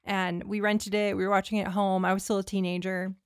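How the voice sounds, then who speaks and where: A woman's voice: mid-range voice, flat delivery, fast, clear, resonant tone, no echo, clean studio sound. A woman co-hosting a movie podcast, chatting animatedly about films and often restarting her sentences. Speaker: podcast co-host. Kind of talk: casual film discussion.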